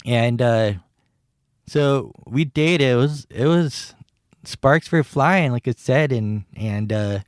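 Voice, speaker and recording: A man's voice: medium pitch, darkish tone, dry recording, clean studio sound. A man casually telling a personal story on his podcast, rambling and laughing at himself as he acts out the dialogue. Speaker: podcast host.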